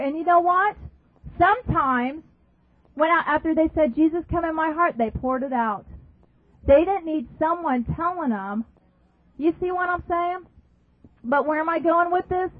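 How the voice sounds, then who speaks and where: High-voiced woman preaching over a tinny line. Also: no room sound. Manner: emphatic, repeats phrases, asks the audience questions. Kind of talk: sermon. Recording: dry, phone-like narrow sound.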